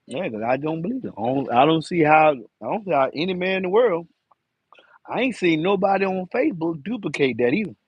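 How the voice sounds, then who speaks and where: A man in his 50s, about fifty, talks a little fast in an expressive, husky voice on the high side, on a lo-fi recording with no room sound. He hosts a live stream and builds enclosures, rambling in slang through casual chat.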